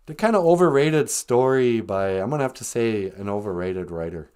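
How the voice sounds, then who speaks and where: A man's voice: on the low side, sing-song, moderate pace, darkish tone, smooth. A man hosting a live stream, retelling a story casually, rambling and joking. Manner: rambling, joking, laughs at own jokes.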